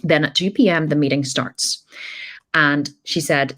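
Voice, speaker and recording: A woman's voice: low-pitched, a little slow, fairly bright tone. A middle-aged woman hosting her own podcast, telling stories in a chatty way with frequent asides. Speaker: podcast host. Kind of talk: casual storytelling monologue.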